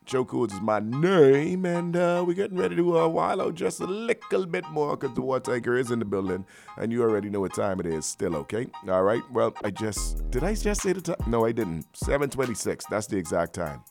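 A man hosting morning radio, rattling off banter with lots of slang and energy. He sits at a middle pitch, neither deep nor high. Soft music plays low behind him. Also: a little fast, vocal fry, few pauses. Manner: energetic, rambling hype talk with slang. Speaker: morning radio show host.

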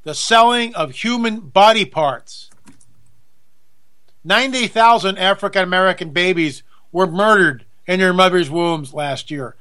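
Indignant high-voiced talk radio host, male. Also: unhurried, bright, forceful tone. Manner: indignant and repetitive, hammers points home. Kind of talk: opinionated talk radio monologue.

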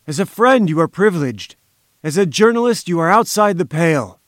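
A man's voice: sits high, animated, fairly quick, a bit bright, dry recording, studio quality, voice pushed up. A man voicing an irascible, pompous bearded professor who blusters with haughty indignation in an audiobook. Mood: scornful. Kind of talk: audiobook character voice.

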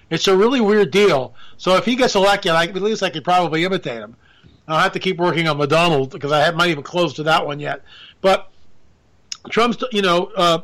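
Male political commentator, high and bright voice, sarcastic and animated, riffing solo. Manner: animated, sarcastic, joking asides. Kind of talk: casual political monologue.

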